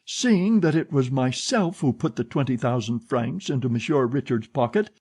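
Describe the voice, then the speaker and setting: A man's voice: mid-range voice, animated, moderate pace, a little mellow, slightly rough. A man voicing an indignant old woman box-keeper in an audiobook, shrieking with outrage. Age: older. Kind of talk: audiobook character voice.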